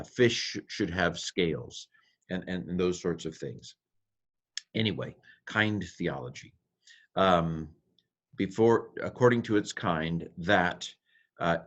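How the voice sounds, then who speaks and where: A man teaching a lesson over slides, thinking aloud with many fillers and restarts, and slowing down to sound out words. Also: deep voice. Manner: slows to sound out words and phrases. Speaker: Hebrew teacher.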